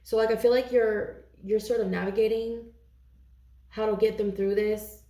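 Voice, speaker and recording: A woman's voice: mid-range voice, steady tone, normal speed, warm tone, roomy sound. A woman doing a casual tarot reading to camera, chatty and intuitive, often checking in with "okay?". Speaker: tarot reader.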